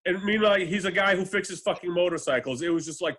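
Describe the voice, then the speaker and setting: A man's voice: sits high, fast, fairly bright tone. A man chatting casually as a podcast co-host over a remote call, rambling with fillers and swearing. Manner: rambling, profane, frequent fillers and restarts. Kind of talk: casual chat.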